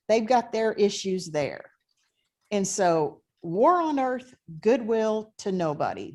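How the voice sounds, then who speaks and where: A woman's voice: medium pitch, mellow. A woman professor giving an online history lecture in a conversational way, thinking aloud with frequent fillers.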